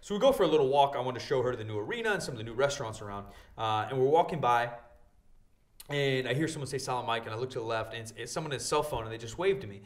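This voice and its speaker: A man's voice: medium pitch, racing. A young man co-hosting a podcast, telling a story in casual chat and acting out the people in it, laughing and cursing as he goes. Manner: animated storyteller, mimics others in his anecdotes. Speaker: podcast co-host.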